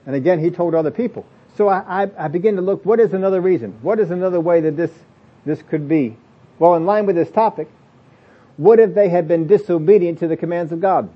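A man's voice: high-pitched, brisk. A man preaching a sermon in a plain-spoken way, acting out the excuses people make in different voices. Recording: dull lo-fi audio recording.

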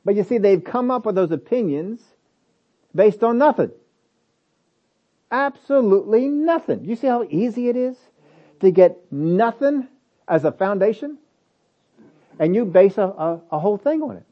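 A man preaching a sermon with a somewhat high voice, hammering home his points before dropping into quiet asides. He keeps asking rhetorical questions. The recording is dull and lo-fi. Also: sing-song, moderate pace, long pauses. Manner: emphatic, swings between loud stresses and low asides; asks many rhetorical questions. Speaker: pastor.

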